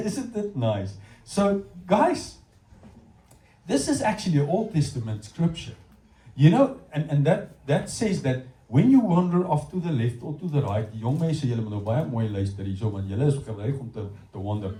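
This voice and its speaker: Animated South African preacher in an echoey hall. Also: male voice, fairly high pitch, far from the mic. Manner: animated storytelling, addressing the congregation directly. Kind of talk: sermon. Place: church hall.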